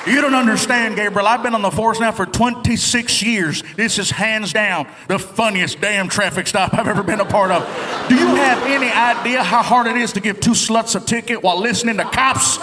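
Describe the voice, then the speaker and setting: A comedian doing a laid-back veteran cop. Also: male voice, high-pitched, normal speed, over a noisy crowd, natural voice. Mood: amused. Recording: live hall with audience noise.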